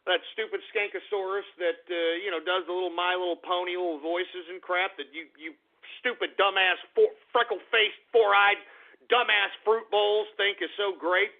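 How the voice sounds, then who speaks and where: A man hosting a talk radio show, ranting in a profane, angry manner with shouted outbursts. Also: sits high, steady tone, moderate pace, gravelly. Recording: narrow phone-like lo-fi sound.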